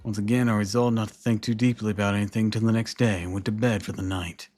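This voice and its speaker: A man's voice: lowish voice, little pitch movement, fast talker, darkish tone. A male streamer reading a game's dialogue and narration aloud, with casual asides. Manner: reads dialogue with light asides. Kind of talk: reading game text aloud. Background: game music.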